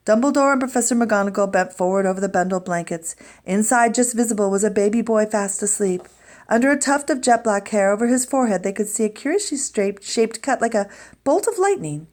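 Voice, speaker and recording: A woman teacher reads a children's story aloud to her class. Her narration is clear and expressive, and her voice sits at a middle pitch for a woman. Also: fairly quick. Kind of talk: reading a book aloud to students.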